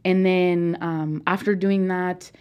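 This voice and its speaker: A woman's voice: on the low side, steady tone, slow pace, darkish tone, smooth. A young woman from Peru, a native Spanish speaker, telling her story as a guest in a casual interview, chatty and full of fillers.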